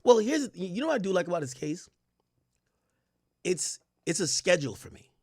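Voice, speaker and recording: A man's voice: sits high, normal speed, husky, dry recording, clean studio sound. A young adult man hosting a casual livestream, reading chat aloud and ranting in slangy talk. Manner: animated, slangy, reads chat aloud and rants.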